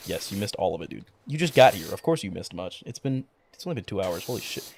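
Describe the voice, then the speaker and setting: Low-voiced rambling young man streaming. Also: sing-song, quick pace, hardly any pauses, slight background noise. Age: young adult. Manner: rambling, full of fillers and swearing. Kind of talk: casual chat while gaming.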